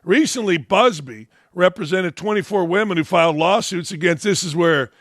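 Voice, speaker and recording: A man's voice: sits high, animated, moderate pace, dry recording, studio quality. A man hosting a sports talk show, giving brash, mocking, opinionated commentary.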